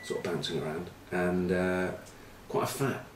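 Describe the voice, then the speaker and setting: A very low-voiced man ambles through rugby tales as a pundit, padding them with ums and dry banter. He sits back from the mic in a roomy, echoing space. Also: moderate pace, recorded from a distance, noisy background. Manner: rambling storyteller, full of ums and uhs, dry banter. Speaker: rugby pundit, former player. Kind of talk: casual rambling rugby chat with anecdotes.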